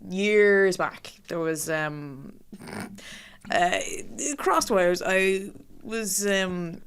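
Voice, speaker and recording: A woman's voice: on the low side, drawn-out words, clear, resonant tone. Self-mocking young Irish woman telling stories. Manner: self-deprecating, animated storyteller. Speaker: guest comedian. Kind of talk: casual storytelling chat.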